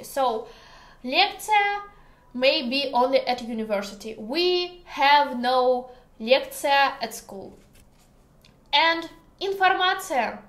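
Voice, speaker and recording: Slow, high-voiced woman with Russian accent. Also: fairly bright tone, echoey room. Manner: slow, careful pronunciation drills with playful asides. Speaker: Russian language teacher. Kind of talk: beginner language lesson.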